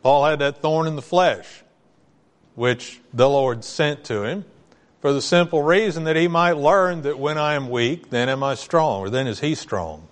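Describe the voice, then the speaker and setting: A man preaching a morning sermon, his voice sitting a little higher than most men's. He talks plainly and conversationally and keeps turning to the congregation with rhetorical questions. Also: a little slow, big-room sound. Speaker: pastor.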